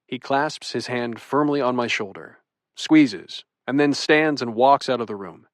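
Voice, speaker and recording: A man's voice: medium pitch, a little slow, no echo. A young man narrating a romantic comedy audiobook in first person, wry and self-deprecating. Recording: dry studio booth.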